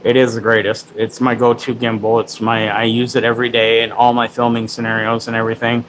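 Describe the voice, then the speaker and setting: Guy in his 40s chatting on a tech stream, rambly and relaxed, bit of faint noise behind. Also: medium pitch, fairly quick, low-quality recording. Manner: loose, rambling, swears casually. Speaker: tech livestream host. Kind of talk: casual livestream chat.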